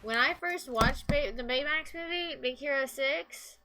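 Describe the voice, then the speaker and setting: A woman's voice: high-pitched, unhurried, bright, forceful tone, rough recording. Chatty, foul-mouthed young woman streamer. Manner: chatty, swears, rambling anecdotes. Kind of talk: casual gameplay commentary.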